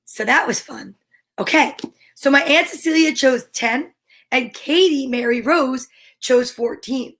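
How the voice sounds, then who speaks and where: High-voiced bubbly woman hosting kids' story time. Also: unhurried. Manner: bubbly, animated, chatty. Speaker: host of a children's story-time show. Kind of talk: cheerful chat to kids at home.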